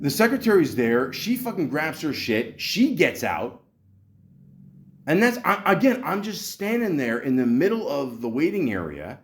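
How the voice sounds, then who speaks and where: Male podcast host, animated storyteller; lively, swooping pitch, a bit high, profane, stammers and restarts. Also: moderate pace, slight background noise. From Canada. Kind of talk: casual storytelling rant.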